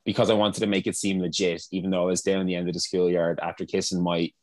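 A man's voice: deep voice, level tone, quick pace, a little mellow, dry recording. A young man chatting as a podcast guest, rambling through funny stories, restarting sentences and laughing often. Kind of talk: casual storytelling chat.

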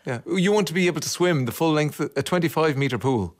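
A man's voice: fairly high pitch, animated, fairly quick. A man hosting a radio show, chatting casually and reading out listener messages in a wry, encouraging way. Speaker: radio host.

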